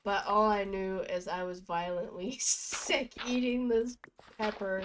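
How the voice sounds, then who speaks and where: A woman's voice: fairly high pitch, measured pace, slight background noise, poor audio. A young woman streaming from home, rambling through goofy stories in a casual chatty way. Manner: chatty, goofy storytelling with bursts of laughter. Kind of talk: rambling casual chat while gaming.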